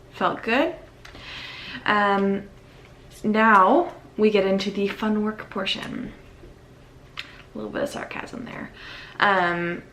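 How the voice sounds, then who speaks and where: A woman's voice: medium pitch, vocal fry, fairly bright tone, a little hiss or hum. A young woman vlogging casually from her apartment, chatty and self-aware, with many fillers. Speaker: lifestyle vlogger. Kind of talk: casual vlog chat.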